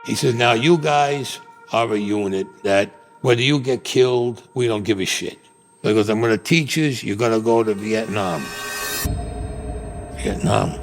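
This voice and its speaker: Faint music sits behind a man's lowish voice moving at normal speed. He's a Brooklyn native in his seventies with the accent to match, telling his own story in a recorded interview, blunt and profane, voicing the other people in it.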